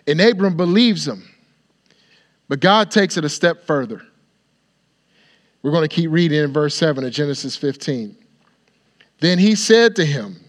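A man preaching a sermon, acting out the dialogue of the story in an expressive way and sometimes dropping to a soft, near-whispered voice. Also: on the high side. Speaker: pastor.

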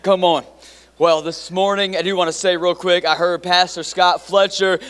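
A middle-aged man preaches with excitable energy, tossing in casual fillers as he speaks. His voice sits a little high for a man. It rings out through a large hall with a long reverb tail. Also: normal speed. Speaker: pastor. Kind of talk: sermon.

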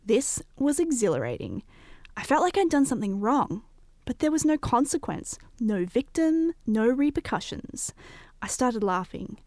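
A woman narrating a childhood memory with vivid, animated storytelling. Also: fairly high pitch, moderate pace, no room sound, studio quality. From Australia.

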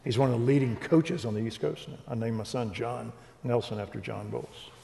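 Older man, evangelical speaker, animated storyteller, mid-pitched voice, long hall reverb. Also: brisk, creaky. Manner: animated storyteller, acts out dialogue. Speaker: Christian speaker. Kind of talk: preaching testimony.

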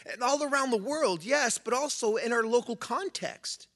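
A man's voice: very high-pitched, moderate pace, a bit bright. A man preaching as a church pastor. He reads scripture and then talks casually to the congregation, with many restarts. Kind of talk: sermon with scripture reading. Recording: long reverb of a hall.

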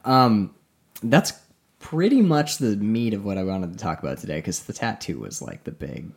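Male podcast co-host, lively pitch, chatty, meandering, restarts a lot. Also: normal speed, gravelly. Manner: rambling, full of fillers and restarts. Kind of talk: casual chat.

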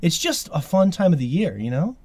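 A man's voice: fairly high pitch, very animated, a little fast, a little mellow, no echo. A man hosting a podcast in casual chat, talking emphatically and grumbling with frustration. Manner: emphatic, exasperated, sweary. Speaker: podcast host.

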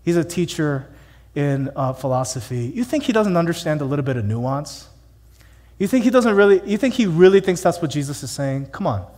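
A man's voice: fairly high pitch, big pitch swings, a little fast, warm tone, big-room sound. A man preaching a sermon in a church, emphatic and conversational, with many rhetorical questions. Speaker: pastor.

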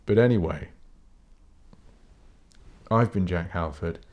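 A man's voice: low-pitched, takes it slowly, darkish tone. A British man hosting a solo podcast, ranting in a blunt, sweary, rambling way with frequent restarts. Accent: British English. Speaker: podcast host. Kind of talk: casual solo podcast rant.

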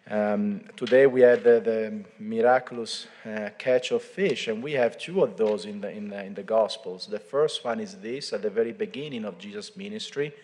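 A priest with a fairly low, darkish voice delivers a homily, retelling scripture conversationally as though sharing a story with friends. The long reverb of a large church carries his words.

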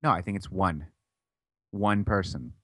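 A man's voice: low voice, a little slow, a bit bright, dry recording, studio quality. A man co-hosting a podcast in casual banter, stubborn and teasing, laughing often. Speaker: podcast co-host.

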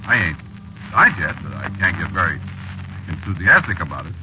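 A nervous, street-talking cab driver with a folksy way of talking. His voice swings up and down as he gets excited. It comes through a dull old radio drama recording with faint hiss. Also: sits low, a little fast. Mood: jumpy. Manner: folksy slang, jumpy and excitable. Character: nervous working-class male cab driver. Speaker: narrator and lead. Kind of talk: 1940s radio drama acting.

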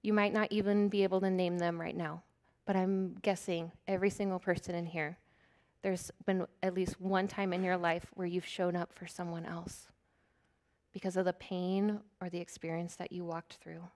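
A middle-aged woman preaching a sermon, earnest and candid, laughing at herself now and then and dropping into soft, breathy whispers for emphasis. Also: lowish voice, level tone, normal speed.

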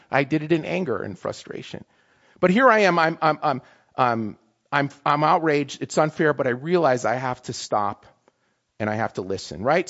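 A man preaching a sermon in a lively, confessional way, often checking in with "right?". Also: on the high side, lo-fi sound. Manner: animated, confessional, many "right?" tags.

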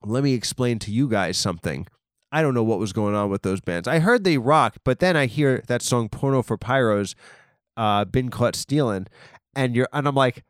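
A man doing a rambling comedic monologue, arguing with himself and bursting into loud high shouts. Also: animated, moderate pace, dry recording, clean studio sound. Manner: digressive, rambling, mock arguments with himself.

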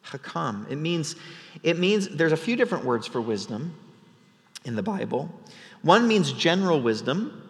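A man's voice: a little high, very animated, moderate pace, in a large hall. A man preaching an expository sermon in a conversational, vivid storytelling way, with many restarts. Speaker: pastor.

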